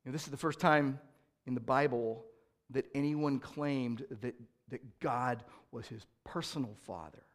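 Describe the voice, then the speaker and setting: A male pastor preaching a sermon, emphatic, swinging between loud stressed phrases and quiet asides. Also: medium pitch, a little slow.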